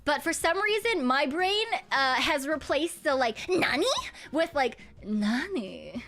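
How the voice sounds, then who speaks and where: Young streamer girl, kinda high voice, giggly, swears a lot, faint music behind. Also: lively intonation, measured pace, bright, forceful tone. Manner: loose and giggly, swears freely, hums while reading chat. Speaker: VTuber streamer chatting with viewers. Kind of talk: casual chat stream.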